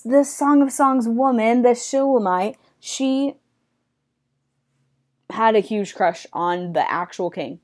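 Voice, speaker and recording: A young woman teaching a casual Bible study in a chatty way, acting out quotes with excited squeals. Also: on the high side.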